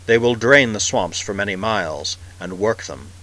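Old alien elder, male, grave and sorrowful, slow heavy delivery; a male reader voices him. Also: on the low side, expressive, sharp tone, poor audio.

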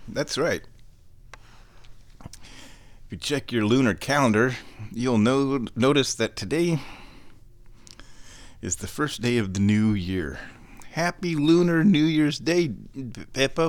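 Slow, laid-back rambling man. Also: mid-range voice, lively intonation, dry recording. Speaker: streamer hosting a recurring show. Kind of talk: casual rambling chat. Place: indoors at home.

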